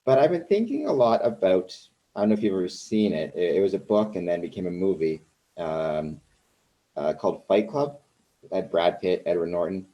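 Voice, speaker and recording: A man's voice: low voice, animated, moderate pace, mellow, poor audio. A man hosting a conversational interview who talks in a rambling, self-deprecating way. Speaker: podcast host.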